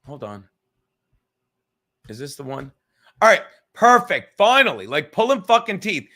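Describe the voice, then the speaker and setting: A man's voice: high voice, very animated, measured pace, sharp tone. A man hosting a livestream podcast in a casual, rambling, profane way, reading chat comments aloud as he goes. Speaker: podcast host.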